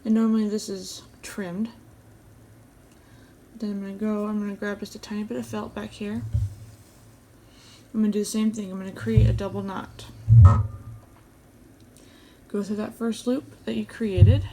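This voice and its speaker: A woman hosting an embroidery tutorial, calmly explaining each step as she works with her hands at a table. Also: mid-range voice, moderate pace, long pauses, slight background noise. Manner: calm, step-by-step explaining while stitching. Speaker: embroidery channel host.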